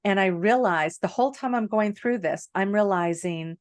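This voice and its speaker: A middle-aged woman co-hosting a podcast, telling a personal story in a chatty, animated way and often breaking into laughter. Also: mid-range voice, moderate pace, dry recording, studio quality. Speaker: podcast co-host. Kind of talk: casual storytelling chat.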